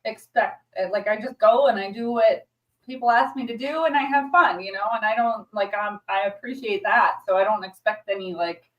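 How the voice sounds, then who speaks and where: A woman co-hosting a casual chat show, telling her stories in a gushing, animated way. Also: medium pitch, normal speed, recorded from a distance, highs cut off. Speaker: co-host.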